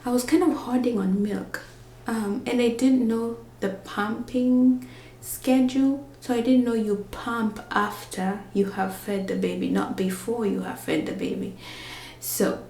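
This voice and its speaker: A woman vlogs in a rambling, chatty way full of fillers, often dropping to a whisper so she won't wake a napping baby. Her voice is a little high and dark-toned with vocal fry, steady and unhurried, and the recording is reverberant.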